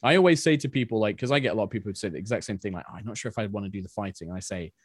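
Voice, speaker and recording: Fast-talking man, dry close sound. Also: lowish voice, husky, dry recording. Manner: animated storytelling, acting out quotes. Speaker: podcast guest. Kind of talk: casual chat.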